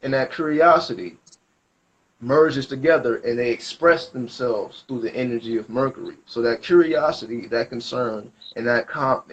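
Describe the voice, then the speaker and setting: A man gives a spiritual reading at a middle pitch, talking in loose, rambling and slangy explanations. The recording sounds dull and lo-fi. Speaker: spiritual reader. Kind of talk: casual spoken reading.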